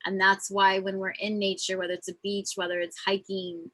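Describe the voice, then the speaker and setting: A woman hosting a casual spiritual conversation, telling stories in an earnest, animated way. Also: medium pitch, fairly quick, low-quality recording. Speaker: host.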